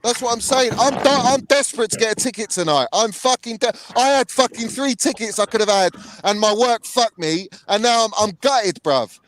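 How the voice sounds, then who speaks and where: A man's voice: very high voice, moderate pace, few pauses, a bit bright. A young man hosting a heated live chat, ranting angrily, swearing and saying "bruv" a lot. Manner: angry, sweary, repeats "bruv" often. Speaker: channel host.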